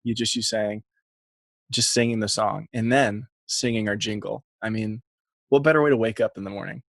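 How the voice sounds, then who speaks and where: A man's voice: fairly low pitch, steady tone, normal speed, gravelly, no room sound. A man co-hosting a casual podcast, rambling and self-deprecating, often laughing. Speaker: podcast co-host. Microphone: podcast mic.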